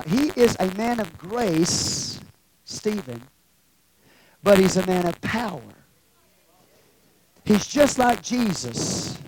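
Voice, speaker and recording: Preacher, sermon delivery, animated pitch, emphatic swings from hush to shout. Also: rough recording. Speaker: pastor.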